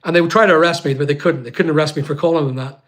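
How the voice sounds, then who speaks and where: Man, slightly raised voice, emphatic, repeats himself, halting pauses, livestream account. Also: a little high, fairly bright tone. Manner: emphatic and repetitive, with frequent pauses and fillers. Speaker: YouTuber on a livestream. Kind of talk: emotional personal account.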